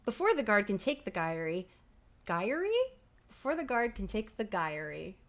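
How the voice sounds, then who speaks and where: Reading a children's horror book on her livestream, a woman adds playful, giggly commentary and casual swearing, using a streaming mic at home. Her mid-range voice is very animated and a bit bright, at a normal speed.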